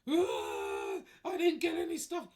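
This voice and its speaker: A woman's voice: very high-pitched, slow pace, darkish tone, pitched above the performer's own voice. A woman voicing a grown man who wails and sulks in self-pity. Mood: wailing self-pity. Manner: whiny, sobbing complaints. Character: grown man wailing, sulking over food.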